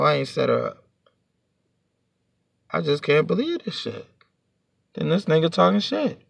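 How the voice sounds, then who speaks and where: A man's voice: a little high, very animated, measured pace, vocal fry, long pauses, dry recording, lo-fi sound. A man telling a storytime to his vlog audience in a heated, profane, rambling rant, sitting a bit back from the mic.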